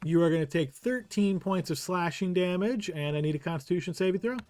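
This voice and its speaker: A man narrating a tabletop game as game master, giving brisk, matter-of-fact rulings. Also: sits high, darkish tone, dry recording.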